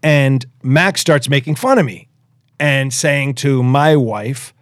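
A man in his forties hosting a podcast, telling a personal story in a lively, casual way, acting out quotes and repeating himself. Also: medium pitch, slow pace, no echo, clean studio sound. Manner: animated, acts out quotes, repeats words. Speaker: podcast host.

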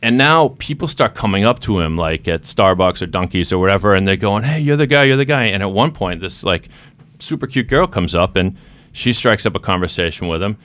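A man hosting a podcast, telling a story in a casual, animated way and acting out the scenes. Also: sits low, brisk. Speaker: podcast host.

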